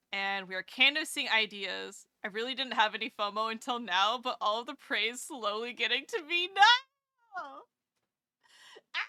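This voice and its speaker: A woman's voice: a little high, sharp tone, clear, resonant tone, no room sound, studio quality. A woman VTuber streamer chatting casually with her viewers live, rambling and self-deprecating, gushing over kind messages.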